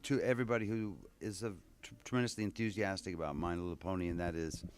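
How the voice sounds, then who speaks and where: A man who is a voice actor, musing in a halting way during a convention interview. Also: low voice, fairly even intonation, clean tone. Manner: musing, halting, restarts often. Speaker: voice actor guest.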